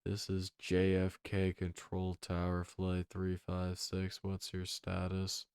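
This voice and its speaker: A man doing a flat, sleepy tower controller, deep and dry. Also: slow, smooth, dry recording. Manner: drowsy monotone reading. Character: male air traffic controller.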